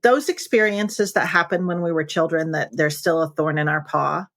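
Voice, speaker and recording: A woman in her fifties, a podcast guest, talking in an emphatic, animated coaching way. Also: deep voice, moderate pace. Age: 50s. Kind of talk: casual conversation.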